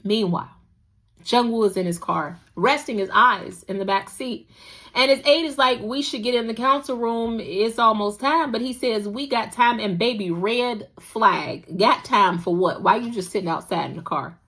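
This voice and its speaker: A woman's voice: mid-range voice, moderate pace, husky. Sassy woman recapping a drama. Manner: sassy, animated, talks back to characters. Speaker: podcast host recapping a drama. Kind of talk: casual recap chat.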